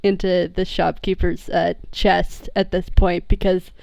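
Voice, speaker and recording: A woman playing a tabletop game, describing her character in a halting, giggly way. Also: on the low side, little pitch movement, vocal fry, darkish tone, dry recording. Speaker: player. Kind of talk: tabletop role-play chat.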